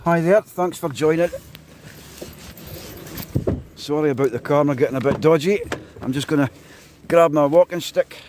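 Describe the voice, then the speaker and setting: Speaking at a normal pace with frequent pauses, this Scottish man has a voice on the high side. He's live-streaming from his phone, first in the car and then outside in the snow, casually greeting viewers again and again, while the phone mic picks up road and car noise.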